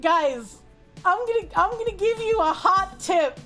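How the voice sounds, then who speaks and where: A young woman streaming to her chat, reading messages aloud in lowered mock voices and giving candid, sarcastic commentary between bursts of laughter. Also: lively intonation, measured pace, bright, forceful tone, soft background music. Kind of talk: live-stream reaction chat.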